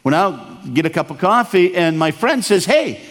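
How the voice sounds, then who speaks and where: Older man from Maine, preacher, storytelling sermon, pitch leaping all over, slightly high voice, animated. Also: normal speed. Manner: animated, acts out dialogue with big pitch swings.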